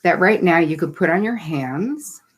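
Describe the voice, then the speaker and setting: A middle-aged woman with a slightly low voice welcomes viewers to a live online class from home. She chats casually and greets people by name and place as they arrive. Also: expressive, a little slow, husky. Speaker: host of a live online masterclass. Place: home setup. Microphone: computer setup, looking down at notes.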